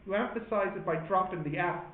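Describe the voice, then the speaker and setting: Chatty Irish maths teacher, high voice. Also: male voice, fairly quick. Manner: chatty, joking, explains patiently. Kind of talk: classroom lesson. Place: classroom. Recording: echoey classroom on a tinny phone-like line.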